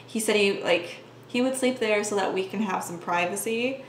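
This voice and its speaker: In an echoey room with faint background hum, a woman vlogger with a mid-range voice and moderate pace earnestly recounts her personal story to the camera. Her speech is casual and full of "like" fillers.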